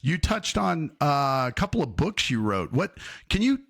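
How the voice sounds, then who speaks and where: A man hosting a podcast interview, enthusiastic and quick with interjections. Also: fairly high pitch, very animated, creaky, fairly bright tone. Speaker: podcast host.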